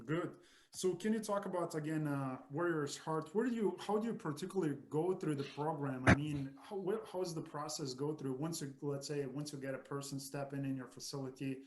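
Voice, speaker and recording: A man hosting a podcast interview, asking questions haltingly and rephrasing them as he goes. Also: fairly high pitch, slight background noise. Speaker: podcast host.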